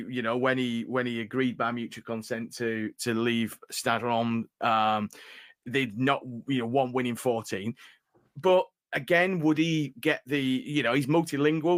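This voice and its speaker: A man's voice: medium pitch, no echo, clean studio sound. Chatty northern English man. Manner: animated, chatty, laughs easily. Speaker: podcast host. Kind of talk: casual football chat.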